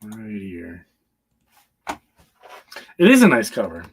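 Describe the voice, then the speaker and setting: A man's voice: on the low side, wildly swooping pitch, takes it slowly, a little hiss or hum. A man co-hosting an online show, chatting casually and muttering to himself as he looks for his notes. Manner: muttering to himself while scrolling. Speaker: co-host. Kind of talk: casual chat.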